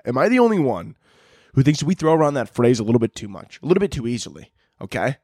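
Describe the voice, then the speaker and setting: A man's voice: mid-range voice, big pitch swings, fast talker, darkish tone, breathy edge, dry recording, studio quality. A young man hosting a podcast, ranting in a crude, rambling comedic monologue and laughing often. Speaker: podcast host.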